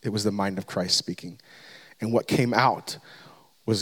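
A man's voice: fairly low pitch, steady tone, unhurried, long pauses, a bit bright. A man, a pastor in his thirties, telling a candid, self-deprecating personal story as a sermon, with frequent restarts. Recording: long hall reverb.

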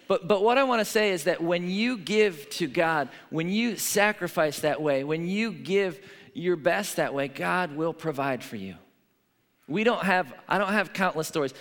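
A male pastor giving a sermon in a relaxed, conversational way, telling stories and checking in with his listeners. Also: a little high, long reverb tail. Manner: conversational, storytelling, frequent "right?" asides.

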